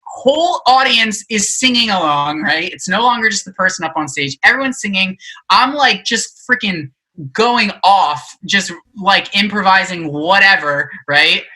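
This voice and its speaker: A man's voice: sits high, unhurried, poor audio. A young man chatting on a podcast, telling a story with lots of fillers and acting out the voices of the people in it. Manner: animated storyteller, acts out quoted voices, many fillers. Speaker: podcast guest, musician. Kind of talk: casual chat, storytelling.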